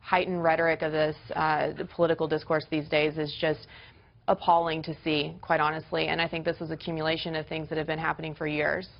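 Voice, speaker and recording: A woman who was a political spokesperson, speaking in a measured way with filler pauses during a TV debate. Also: sits low, flat delivery, gravelly. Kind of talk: televised debate. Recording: dull broadcast audio.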